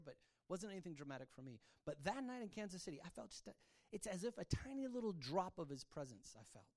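A man preaching a sermon, telling his own story, his voice swinging from hushed to loud. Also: a little high, expressive, fast talker, few pauses. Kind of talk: sermon testimony.

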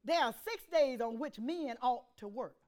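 A woman preaching a sermon in a church, with call-and-response and swings from loud declarations to hushed asides. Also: sits high, lively intonation, moderate pace.

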